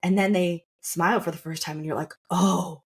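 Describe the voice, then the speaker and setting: A woman's voice: lowish voice, fairly even intonation, quick pace, darkish tone, slightly rough. A young woman podcast host telling her birth story in a casual, chatty way, full of quoted asides.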